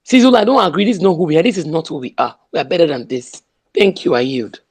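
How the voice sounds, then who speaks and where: A woman's voice: deep voice, animated, quick pace, darkish tone, husky. A woman with a Nigerian accent giving an impassioned political speech, emphatic and repeating her slogans. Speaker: speaker in an online audio room.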